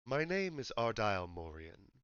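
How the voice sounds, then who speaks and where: Man doing a suave older elf spymaster, attempted posh English, quieter and lower, dry slightly dull recording. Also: very animated, moderate pace, smooth, no echo.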